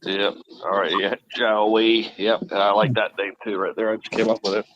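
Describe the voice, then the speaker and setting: A man's voice: lowish voice, level tone, moderate pace, lo-fi sound. A man hosting a live chat stream, easygoing and teasing, often repeating himself. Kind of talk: casual chat.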